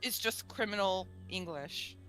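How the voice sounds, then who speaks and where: A woman's voice: mid-range voice, a little slow, a bit bright, faint music behind. A woman teasing and joking in casual stream chat. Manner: teasing, playful.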